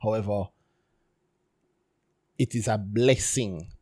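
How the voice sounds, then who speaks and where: A man co-hosting a casual podcast about stock earnings, talking in an animated, joking way. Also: lowish voice, slow pace. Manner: animated, joking, playful storytelling. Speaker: podcast co-host.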